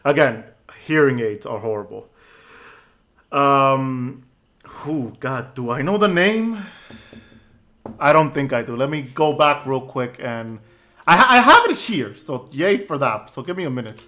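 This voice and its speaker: A man's voice: medium pitch, expressive, unhurried, bright, forceful tone. A man working as dungeon master of a live tabletop game, talking in a hesitant, stop-start way.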